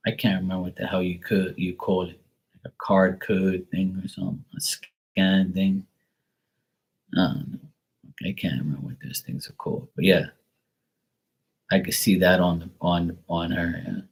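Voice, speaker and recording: A man's voice: low-pitched, fairly even intonation, normal speed, creaky, long pauses. A young man giving a live psychic reading, talking in a rambling, hesitant way full of fillers and casual swearing. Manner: rambling, hesitant, filler-heavy with mild profanity. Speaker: psychic tarot reader.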